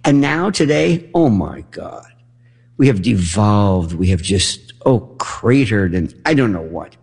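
Gravelly, animated American man ranting. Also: on the low side, a little slow. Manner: animated, ranting, rhetorical questions. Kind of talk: casual monologue, animated storytelling.

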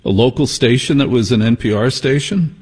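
A man hosting a talk radio show, teasing his guest with quick jokes and asides. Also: medium pitch, a little mellow, slightly rough. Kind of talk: casual talk radio chat.

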